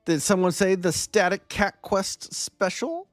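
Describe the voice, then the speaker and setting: A man's voice: sits high, sing-song, measured pace, no echo, clean studio sound, faint music behind. A man streaming a strategy game live, chatting and joking with his viewers as he plays. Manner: chatty, joking, talks to chat.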